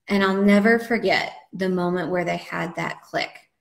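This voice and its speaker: A woman's voice: fairly low pitch, fairly even intonation, normal speed, vocal fry. Chatty woman dog trainer, echoey room. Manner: chatty and conversational, with frequent fillers. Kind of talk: live webinar lesson. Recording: roomy echo.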